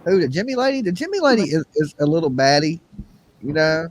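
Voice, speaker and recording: A man hosting a casual livestream chat, slangy and animated, mimicking other people's voices as he talks. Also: on the high side, brisk. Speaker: livestream host. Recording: faint background noise.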